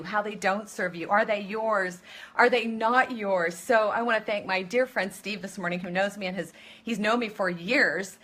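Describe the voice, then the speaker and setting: A woman's voice: medium pitch, a bit bright. A middle-aged woman hosting a live stream, gushing and effusive, greeting viewers by name and swearing freely as she talks.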